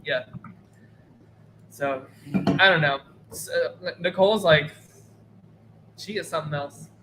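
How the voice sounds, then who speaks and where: A man chatting casually on a podcast, rambling and leaning on fillers as he recaps events. His voice is bright and a bit high. A faint hiss runs underneath. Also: poor audio. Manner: rambling, filler-heavy, quick to laugh. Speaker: podcast host. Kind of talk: casual chat.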